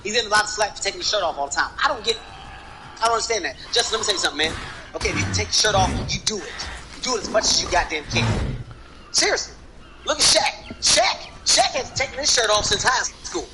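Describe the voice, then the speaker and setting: A man doing an impression of a brash male comedian, roasting someone with shouted, profane stand-up delivery. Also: high-pitched, very animated, fast, music in the background, poor audio. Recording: loud background noise.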